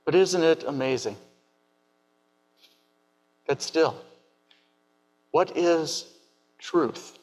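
A man preaching a sermon in a measured, reflective way, asking many rhetorical questions. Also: fairly high pitch, darkish tone, low-quality recording. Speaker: pastor.

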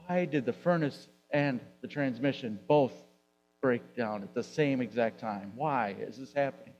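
A man's voice: mid-range voice, measured pace, darkish tone, dull audio, faint music behind. A male pastor preaching a sermon in a church, speaking conversationally and posing rhetorical questions to the congregation. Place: church sanctuary.

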